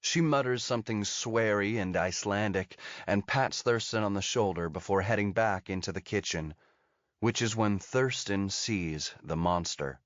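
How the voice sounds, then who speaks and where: A man narrating an audiobook thriller in a steady, measured storytelling manner. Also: on the low side, dry recording. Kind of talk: scripted narration. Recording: dull lo-fi dry audio.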